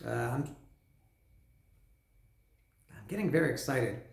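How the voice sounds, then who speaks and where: A man hosting a casual album talk show, excitable and stumbling as he loses his train of thought and apologizes. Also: medium pitch, takes it slowly, creaky. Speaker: podcast host. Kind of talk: casual music album commentary. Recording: roomy echo.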